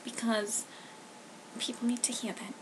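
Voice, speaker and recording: A woman's voice: a little high, flat delivery, unhurried, in a whisper, lightly acted, rough recording. A woman playing a chatty, scatterbrained bargain-hunting lady who rambles, giggles and repeats a catchphrase, in a comedy sketch. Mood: rambling gossip. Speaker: co-host of a comedy talk sketch. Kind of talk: comedic improvised chat sketch.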